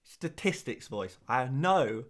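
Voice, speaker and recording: A man's voice: mid-range voice, lively intonation, measured pace. A man hosting a casual livestream, jokey and laughing often as he answers chat. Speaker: fantasy football livestream host.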